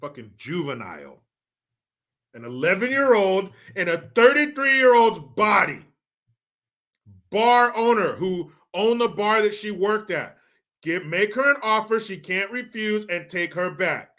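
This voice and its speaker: A man rants through political commentary with a sarcastic, profane, mocking edge. His voice sits high and bright, moving slowly with wide, lively swings in pitch. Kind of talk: ranting commentary.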